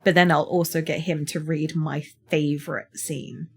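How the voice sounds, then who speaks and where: A woman's voice: deep voice, flat delivery, normal speed, slightly rough. A woman from Somerset with a British English accent, co-hosting a podcast in casual chat, laughing often and mocking herself. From Somerset, England. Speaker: podcast co-host.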